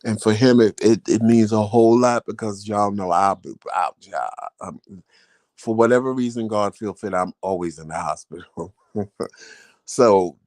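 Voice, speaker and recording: A man's voice: on the low side, normal speed, darkish tone, no echo. A man chatting casually to his viewers, telling a story and acting out the voices of the people he quotes. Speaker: vlogger.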